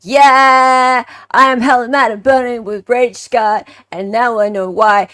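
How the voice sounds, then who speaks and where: A woman's voice: fairly high pitch, steady tone, normal speed, a bit bright, dry recording, clean studio sound. An Australian woman hosting a live stream, chatting casually in a playful, joking, self-mocking way.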